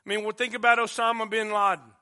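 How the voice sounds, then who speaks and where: A male pastor, preaching a sermon with passion, dropping to a hush and then rising loud again. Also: high-pitched, flat delivery, fast talker. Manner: impassioned preaching, swinging from hushed to loud.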